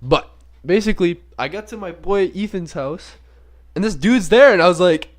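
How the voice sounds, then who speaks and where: A man's voice: sits high, expressive, moderate pace. A young man hosting a podcast, talking casually in a rambling, profane way with many filler words. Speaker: podcast host. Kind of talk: casual unscripted monologue.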